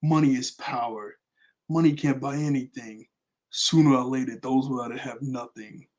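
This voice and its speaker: A man voicing a menacing gold-obsessed villain tycoon, reciting his speech slowly and grandly. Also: medium pitch, steady tone, darkish tone, natural voice.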